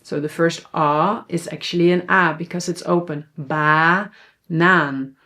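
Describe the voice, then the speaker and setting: A woman with a Dutch accent teaching pronunciation, saying example words slowly and asking viewers to repeat after her. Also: fairly low pitch, steady tone, a bit bright. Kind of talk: pronunciation lesson.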